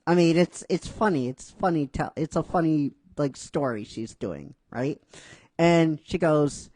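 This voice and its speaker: A man's voice: on the high side, measured pace, dry recording. A man casually narrating a fan-written story, chatty and rambling with many fillers.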